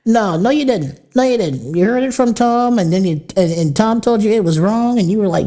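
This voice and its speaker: A woman's voice: a little high, animated, brisk, hardly any pauses, dark tone. A woman hosting a podcast, delivering a casual ranting monologue in a blunt, profane, mocking way, laughing often. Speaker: podcast host.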